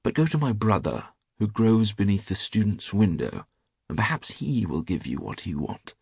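A man reading the part of a grandiose yellow rose tree in a fairy tale, in an ornate, unhurried way. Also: fairly low pitch, big pitch swings, creaky, breathy edge, dry recording, studio quality, heavily acted.

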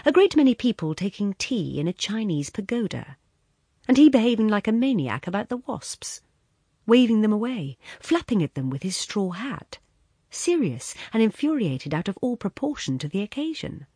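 Husky woman narrating a story. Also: medium pitch, no echo, studio quality. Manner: measured, expressive storytelling with soft hushed passages. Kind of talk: audiobook narration.

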